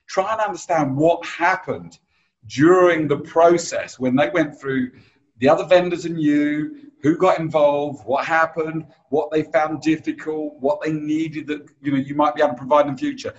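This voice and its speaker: A man's voice: fairly high pitch, highs cut off. A man hosting a podcast interview, chatty and anecdotal, who laughs easily. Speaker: podcast host.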